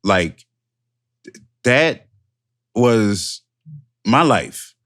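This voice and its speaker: A man's voice: mid-range voice, expressive, extremely slow, a bit bright. A man co-hosting a podcast, listening supportively and then reflecting hesitantly on his own past. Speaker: podcast co-host. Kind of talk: candid personal talk.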